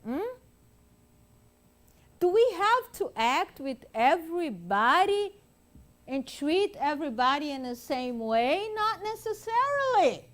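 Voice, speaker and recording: Slow, animated woman lecturing a class. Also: high voice. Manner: animated storytelling, acting out quotes, many fillers. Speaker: spiritist lecturer.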